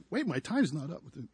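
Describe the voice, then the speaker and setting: Husky middle-aged guy preaching outside, dry sound, goes quiet then loud, keeps clearing his throat. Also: sits high, no room sound. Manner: storytelling, swings from hushed to loud. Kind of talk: sermon with personal story. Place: outdoors.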